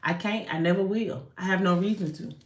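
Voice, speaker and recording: A woman giving a live tarot reading in an animated, slangy way, swearing and often breaking off mid-sentence. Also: on the low side, a little fast, roomy sound, a little hiss or hum. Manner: animated, slangy, swears, frequent self-interruptions. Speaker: tarot card reader.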